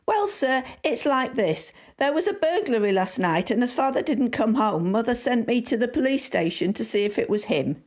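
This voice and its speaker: A woman's voice: on the high side, big pitch swings, normal speed, few pauses, voice pushed up. A woman voicing a small boy innocently explaining why he is late to his teacher.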